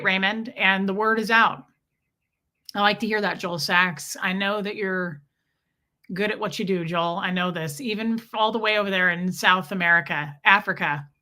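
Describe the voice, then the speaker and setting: A woman hosts a relaxed livestream and greets each viewer by name as the comments roll in. Her voice is bright and clear, and her talk is chatty and playful, full of small jokes. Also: mid-range voice. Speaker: livestream host greeting chat. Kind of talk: casual livestream chat.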